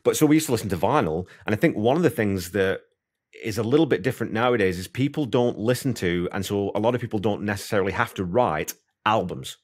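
A man's voice: fairly low pitch, animated, fast. A man hosting a podcast interview, chatting casually and thinking aloud with plenty of asides. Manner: rambling, thinks aloud, many "you know" asides. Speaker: podcast host.

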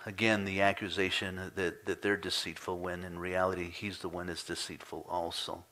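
Male pastor, lowish voice but bright and punchy, dramatic bible reading in church. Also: level tone, moderate pace, few pauses. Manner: dramatic scripture reading, rising to pleading cries then dropping quiet. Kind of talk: expository sermon. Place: church sanctuary.

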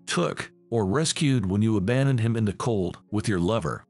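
A man voicing a calm, firm mother who stands her ground, reading her lines steadily. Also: fairly low pitch, normal speed, soft background music.

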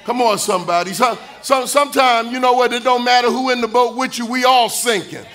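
Bright-voiced man preaching a rousing sermon. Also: extremely high pitch, fairly quick, faint music behind. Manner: call-and-response preaching, swelling into shouts and sung phrases. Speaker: pastor.

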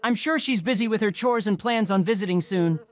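A man voicing a friendly young male honeybee in an animated storybook, eager and upbeat. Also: high voice, fairly quick, pitched above the performer's own voice, natural voice. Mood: cheerful.

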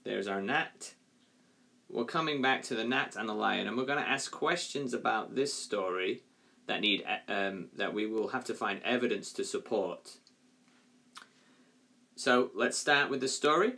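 A male primary school teacher reading a story aloud to his class in a clear, measured way. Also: lowish voice, bright, forceful tone.

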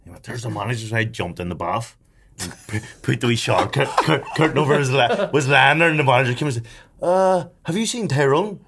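A man's voice: mid-range voice, quick pace, creaky, fairly bright tone, slight background noise. A young man, telling a story as a podcast co-host, with lots of swearing and laughter. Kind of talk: casual chat, storytelling.

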